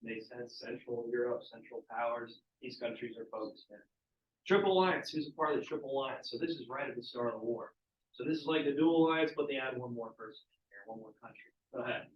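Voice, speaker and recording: A male teacher with a mid-range, fairly quick voice gives a casual history lecture, quizzing his students as he goes. The classroom recording sounds echoey, distant and muffled.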